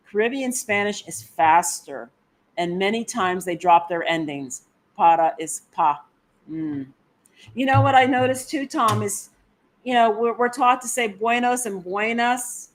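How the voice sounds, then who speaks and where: A woman from the United States hosting a casual live stream, enthusiastically reading out and reacting to viewer comments. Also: medium pitch. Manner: enthusiastic, exclamatory. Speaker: co-host of a travel live stream.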